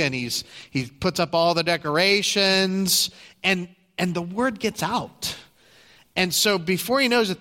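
A man's voice: high voice, bright, forceful tone. A middle-aged male pastor telling a story in a sermon, casual and full of restarts. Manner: conversational, hesitant restarts. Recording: long hall reverb.

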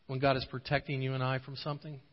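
A man preaching a sermon, at times pleading with rising intensity, at times telling a relaxed story. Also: mid-range voice, fast. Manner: passionate, swelling to pleading intensity in prayer passages. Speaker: pastor. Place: church sanctuary. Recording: dull audio with long hall reverb.

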